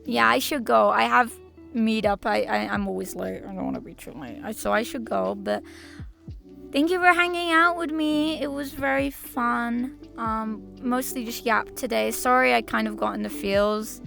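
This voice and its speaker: A woman's voice: a little high, steady tone, moderate pace, vocal fry, fairly bright tone. A woman streamer chatting casually with her viewers, gushing and sentimental in a playful way. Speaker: VTuber streamer. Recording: music playing under the voice. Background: background music.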